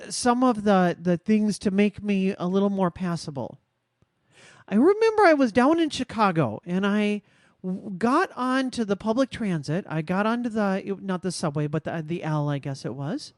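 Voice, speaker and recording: A woman co-hosting a podcast, telling a personal story in a measured, reflective, earnest way. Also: medium pitch, a little mellow, no room sound, studio quality. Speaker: podcast co-host. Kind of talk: casual podcast conversation.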